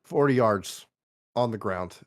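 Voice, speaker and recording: A man's voice: fairly low pitch, a little slow, no room sound, studio quality. A man co-hosting a casual sports betting chat, laid-back, reasoning step by step with many fillers. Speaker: podcast co-host.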